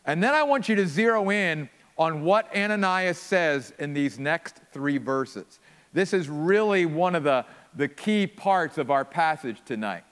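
A man's voice: a little high, lively intonation, measured pace, a bit bright, smooth, in a large hall. A man preaching an earnest sermon, piling up repeated phrases for emphasis. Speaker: pastor.

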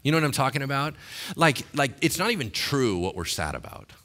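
A man's voice: sing-song, a little fast. A man preaching a sermon in a casual, conversational way, asking the congregation questions and acting out voices from the text. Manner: rises to loud, high-pitched exhortation.

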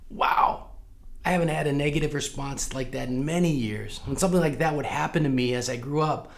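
A man's voice: medium pitch, fast, creaky. A man from St. Louis preaching a sermon, telling a personal story and speaking earnestly and directly to the congregation. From United States, St. Louis. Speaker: pastor.

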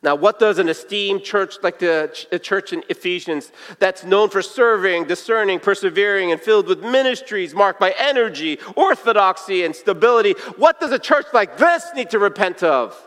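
High-voiced guy preaching, earnest storyteller, lots of hall echo. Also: lively intonation. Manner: earnest storytelling preacher, slows and drops to a hush for emphasis. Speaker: pastor. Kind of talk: sermon. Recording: long reverb of a large hall.

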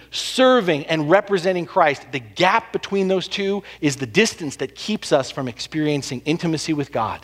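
Emphatic high-voiced preacher in a reverberant hall. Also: male voice. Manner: emphatic, rhetorical questions, dramatic swings between hushed and loud. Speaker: pastor. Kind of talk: sermon.

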